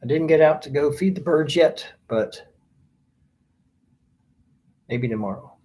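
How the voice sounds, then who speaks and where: Man, fairly high voice, casual live-stream host, greets chat by name, relaxed at-home chatter. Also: measured pace. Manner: friendly, reads out viewer names one by one.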